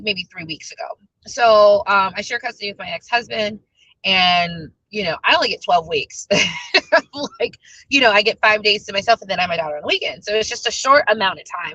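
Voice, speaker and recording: A woman in her thirties chats to her viewers in a bright, forward voice with a husky, breathy edge. She tells her stories loosely and laughs easily along the way. The recording is dull and lo-fi. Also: mid-range voice, dry recording. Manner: chatty, storytelling, laughs easily. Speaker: spiritual life coach vlogger. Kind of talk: casual talk to viewers.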